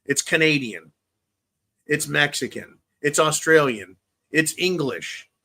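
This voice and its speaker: A man's voice: fairly high pitch, animated, takes it slowly, sharp tone. A man hosting a political commentary livestream, ranting with heavy profanity and repeating his points for emphasis. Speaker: livestream host.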